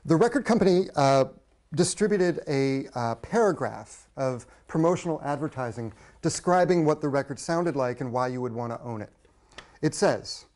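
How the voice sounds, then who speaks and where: A man from the United States giving a public lecture on old recordings, talking conversationally with frequent pauses. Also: medium pitch, expressive, a little mellow.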